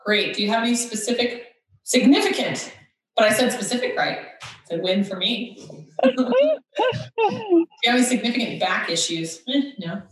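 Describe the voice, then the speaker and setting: A woman's voice: mid-range voice, a little fast, fairly bright tone. A woman host chatting casually and reading quiz questions aloud with sarcastic asides. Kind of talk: casual chat. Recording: echoey room, somewhat far from mic.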